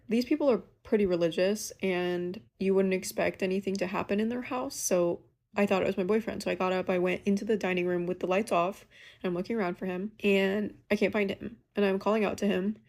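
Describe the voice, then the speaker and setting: A young woman casually telling a ghost story she lived through, in a chatty, animated way. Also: medium pitch. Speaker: caller sharing a ghost story.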